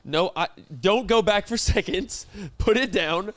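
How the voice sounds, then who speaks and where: High-voiced animated young man. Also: a little slow, slight background noise. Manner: animated storyteller, acts out voices. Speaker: podcast co-host. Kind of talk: casual podcast banter.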